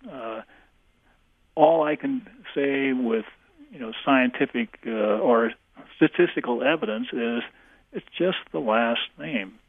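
A man who is an English professor, answering questions on a radio call-in show, halting with many fillers. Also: mid-range voice, no echo. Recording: tinny phone line.

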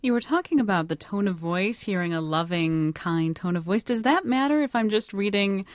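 A woman's voice: mid-range voice, animated, normal speed, dry recording, clean studio sound. A woman interviewer asking curious, conversational questions. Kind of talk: radio interview.

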